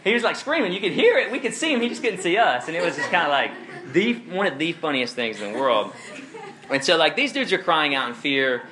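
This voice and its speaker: Young male pastor, casual sermon delivery, chuckles through stories, crisp bright tone. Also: a little high, a little fast. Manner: animated, chuckling, storytelling asides. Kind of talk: conversational sermon.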